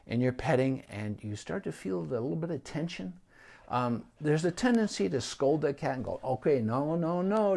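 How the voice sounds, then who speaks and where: A middle-aged man talks through pet care as a veterinarian, unscripted and easygoing. He pauses on fillers and restarts his sentences often. His pitch sits in an ordinary middle range for a man. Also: darkish tone. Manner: conversational, with frequent ums and restarts. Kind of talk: unscripted advice talk.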